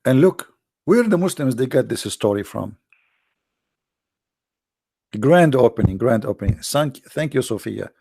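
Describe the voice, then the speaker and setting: A man with an Arabic accent hosts a sarcastic commentary, mocking and quick to slip into voices. His voice has a gravelly rasp. The sound is dry and close to the mic. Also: medium pitch, lively intonation, a little mellow, no room sound. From Arab world. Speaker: host. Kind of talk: casual commentary.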